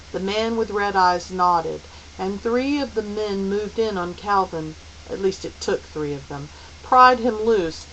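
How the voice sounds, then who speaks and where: A woman narrating a novel aloud as an audiobook reader, steady and unhurried. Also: fairly low pitch, dull audio, a little hiss or hum. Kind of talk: storybook narration.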